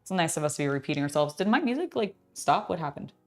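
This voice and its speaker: A tired young woman chatting casually on a live stream while building, scattered and excitable. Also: low voice, fast, faint music behind. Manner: scattered, excitable, self-talking. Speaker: streamer building a LEGO set.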